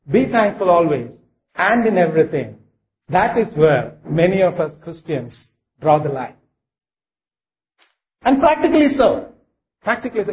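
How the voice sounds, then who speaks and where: A man preaching a sermon to a congregation, halting, with many fillers and restarts. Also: sits high, echoey room, dull audio.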